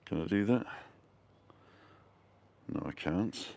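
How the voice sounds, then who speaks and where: A man's voice: low-pitched, slow, creaky, warm tone. A middle-aged man live-streaming a walking tour outdoors, chatting and greeting viewers by name from a handheld phone. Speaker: vlogger. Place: outdoors on town streets.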